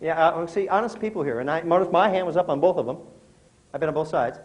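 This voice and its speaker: A man's voice: fairly high pitch, fast talker, low-quality recording. Conversational middle-aged man addressing an audience. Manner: conversational, questions the audience, tells jokes. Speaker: motivational speaker. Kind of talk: motivational talk to a live audience.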